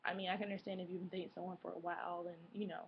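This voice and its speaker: A woman's voice: lowish voice, level tone, very fast, dull audio, a little hiss or hum. A woman in her twenties chatting casually to camera as a vlogger, rambling with lots of fillers and self-corrections. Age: 20s.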